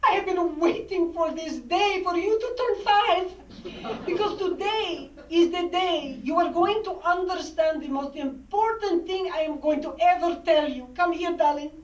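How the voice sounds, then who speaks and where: A woman's voice: very high voice, unhurried, pitched above the performer's own voice. A woman voicing her emotional, effusive immigrant father, who makes grand proclamations with tears in his eyes. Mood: proclaiming, tearful. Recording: roomy hall, distant dull mic.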